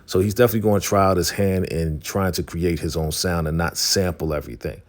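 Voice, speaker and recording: A man with an extremely low, deep voice talks through a casual TV recap vlog. He is laid-back and chatty and calls his viewers family. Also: steady tone, fast talker. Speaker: host of a TV recap channel.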